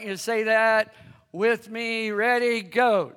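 In a reverberant church hall, a male pastor preaches to his congregation in a conversational way, inviting them to answer back. His high voice is clear, resonant and fairly bright, held at a fairly even intonation as he takes his time.

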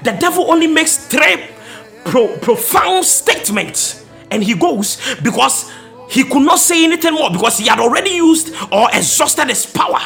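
High, gravelly, impassioned male preacher. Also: very animated, normal speed, soft background music. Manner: impassioned, shouting and sing-song emphasis. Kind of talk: sermon.

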